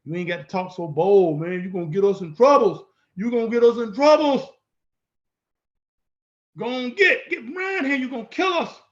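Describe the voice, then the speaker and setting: A man's voice: high voice, fairly even intonation, moderate pace, few pauses, dark tone, dull audio, natural voice. A man voicing a nervous, timid friend who pleads with him in a whiny way. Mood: pleading, anxious.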